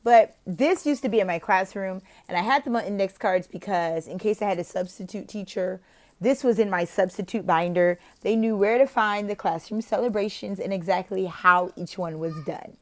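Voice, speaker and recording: A woman's voice: mid-range voice, moderate pace. Brief: woman, casual teaching vlog, playful, laughs a lot, acts out chants. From lives in Oklahoma, not from there. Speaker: online teacher and video host.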